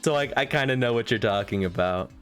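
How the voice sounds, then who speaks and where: A man's voice: medium pitch, fast, soft background music. A man chatting casually on a live stream as he reads a visual novel, rambling to his viewers. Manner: rambling, chatty asides to viewers, frequent laughs.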